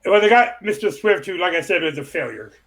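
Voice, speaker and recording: High, bright-voiced male sports co-host. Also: animated, fairly quick. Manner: laughs while listing team names and schedules. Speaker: podcast co-host. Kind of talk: casual sports chat.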